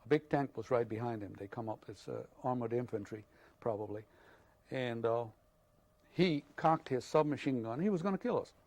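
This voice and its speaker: An older man, from Hungary, telling his life story in an oral history interview, halting and full of fillers. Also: medium pitch, a little mellow, no room sound.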